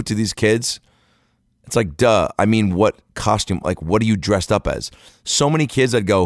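Deep-voiced male comic, dry close sound, loose swearing storyteller. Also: animated, normal speed, no room sound. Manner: loose, profane, rambling with fillers. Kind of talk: comedic storytelling monologue.

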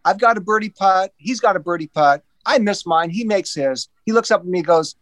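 A man's voice: high voice, brisk, dry recording. A man telling casual golf anecdotes, acting out the voices of the people in them, with frequent restarts. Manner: animated anecdotes, acts out voices, many restarts. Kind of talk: casual storytelling.

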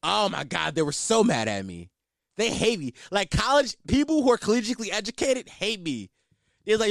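A man's voice: sits high, big pitch swings, moderate pace, gravelly, dry recording, studio quality. A man hosting a podcast, ranting in a brash, profane, boastful way. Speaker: podcast host. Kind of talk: casual comedic rant.

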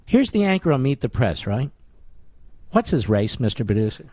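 A man's voice: very animated, moderate pace, dry recording. Sarcastic male talk radio host. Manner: combative, sarcastic, mocking rhetorical questions; voice climbs high and loud in indignation.

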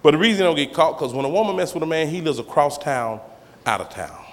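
A man doing a stand-up comedy routine, telling slangy, animated stories and acting out the characters. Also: a little high, fast. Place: comedy stage before a live audience. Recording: live club hall with crowd noise. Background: audience laughter.

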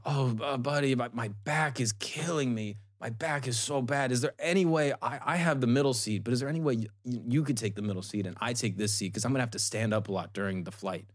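A man's voice: mid-range voice, dry recording, studio quality, close to an everyday voice. A man doing a pleading old seat-stealer. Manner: slow, quiet, pleading. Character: pushy old man faking a bad back.

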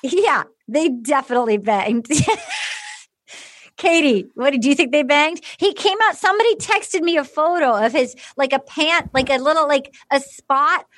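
A woman's voice: sits high, moderate pace, hardly any pauses, fairly bright tone. A woman hosting a podcast, recapping a show in casual comedic chat and acting out the quotes in exaggerated voices. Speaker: podcast host.

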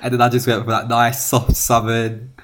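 A man's voice: mid-range voice, completely flat delivery, normal speed, a little hiss or hum. Chatty English man telling stories. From England. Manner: laughing anecdotes, lots of fillers. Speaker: podcast co-host. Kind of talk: casual chat.

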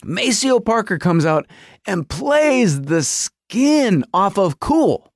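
A man in his forties telling a story as a podcast host, excitable and acting out songs and quotes. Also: high-pitched, takes it slowly, no echo, studio quality. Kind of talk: animated storytelling.

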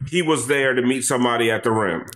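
A man's voice: mid-range voice, quick pace, a bit bright. A man hosting a casual sports podcast, talking bluntly with lots of swearing and joking. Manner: blunt, profane, jokey. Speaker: podcast host.

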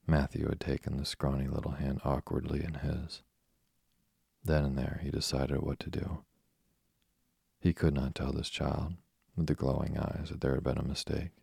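Very deep gravelly male narrator. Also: flat delivery, moderate pace, dark tone, no echo, clean studio sound. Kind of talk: audiobook reading of a novel.

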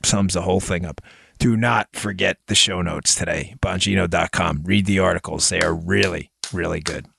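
Bright, ranting male political podcast host. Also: sits low, moderate pace, vocal fry, slightly rough, dry recording, studio quality. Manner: sarcastic, excitable, ranting. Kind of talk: political commentary.

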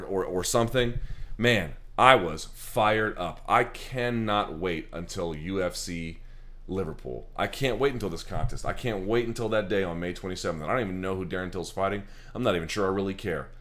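A low-pitched man talks through fight results off the cuff, rambling and emphatic. He swears freely and leans on fillers as he makes his points, recorded on a handheld camera. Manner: loose, profane, rambling and emphatic, many fillers. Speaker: MMA show host. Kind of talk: casual post-fight commentary.

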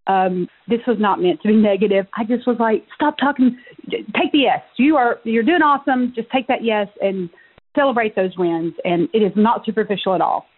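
A woman's voice: mid-range voice, normal speed, slightly rough. A woman leaving a voicemail for the hosts, earnest and encouraging like a coach. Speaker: voicemail caller. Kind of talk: voicemail message. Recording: phone-line voicemail.

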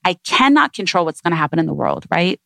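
A woman's voice: fairly low pitch, very animated, fast talker, gravelly, a bit bright, no room sound. A woman guest on an interview show, speaking earnestly and reflectively in repeated emphatic phrases.

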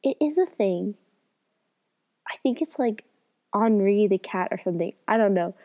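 A woman's voice: mid-range voice, lively intonation, normal speed, mellow, highs cut off. A woman with a cold co-hosting a casual book podcast, rambling and correcting herself. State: has a cold. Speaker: podcast co-host. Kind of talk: casual book review chat.

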